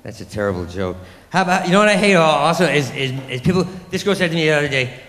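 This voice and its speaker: A middle-aged man works a comedy club stage, rambling and self-deprecating as he lurches into loud put-on voices. His voice sits a little high for a man. The handheld mic picks up a roomy club with a long reverb tail. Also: big pitch swings, fast. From New York. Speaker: stand-up comedian. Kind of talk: stand-up comedy set.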